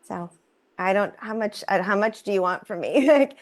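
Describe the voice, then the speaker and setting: A woman in her fifties whose first language is Spanish, chatting on a podcast with a lively, self-mocking humor and frequent laughter. Her voice sits at an ordinary middle pitch. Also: moderate pace. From Texas. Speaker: co-host. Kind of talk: casual podcast chat.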